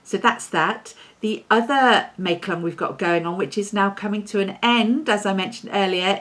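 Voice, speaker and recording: A woman's voice: mid-range voice, expressive, normal speed, hardly any pauses. A woman hosting a podcast, chatting casually and cheerfully to camera as she congratulates listeners. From England. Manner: chatty and upbeat, scolding her dog between shout-outs. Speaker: podcast host.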